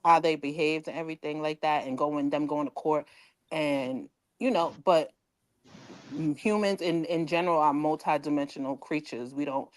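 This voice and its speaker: Woman with a low voice calling in, measured, lots of "like, you know". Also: dry recording, poor audio. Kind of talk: casual call-in chat.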